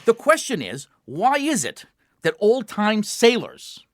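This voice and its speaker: A man's voice: sits high, huge pitch swings, takes it slowly, dry recording. A man co-hosting a jokey radio car show, telling jokes, stumbling over his words and laughing often.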